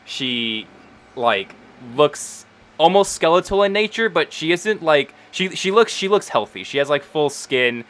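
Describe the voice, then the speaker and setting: A man narrating a tabletop role-playing session as game master. His voice is bright and forward, and he talks in a loose, casual way full of ums and likes. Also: a little high, animated, measured pace.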